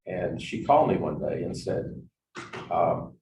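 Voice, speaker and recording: A man giving a storytelling presentation on negotiation, swinging between loud emphasis and quiet asides. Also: sits low, expressive, measured pace, slight background noise. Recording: echoey room, distant mic.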